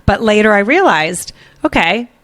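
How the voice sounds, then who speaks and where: A woman's voice: medium pitch, sing-song, normal speed, a bit bright. A middle-aged woman hosts a casual podcast chat. She has an ordinary mid-range voice and rambles through her stories, full of filler words and restarts. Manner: chatty, lots of filler words, storytelling. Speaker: podcast host.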